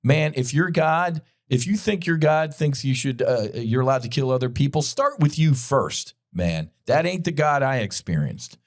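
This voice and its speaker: A man's voice: mid-range voice, lively intonation, moderate pace, hardly any pauses. A middle-aged man hosting a podcast, delivering an impassioned, blunt commentary monologue with frequent profanity and direct appeals to his listeners. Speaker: podcast host.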